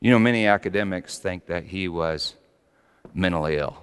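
Middle-aged preacher guy, smooth resonant voice, dramatic swings, lots of hall echo. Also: normal speed. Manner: dramatic, with big rises in pitch and volume. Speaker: pastor. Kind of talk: sermon. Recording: long hall reverb.

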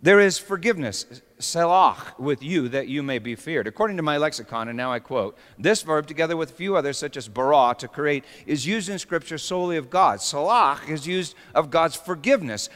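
A man preaching a sermon with dramatic swings between hushed storytelling and sudden shouts. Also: on the high side, expressive, brisk, few pauses. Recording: long reverb of a large hall.

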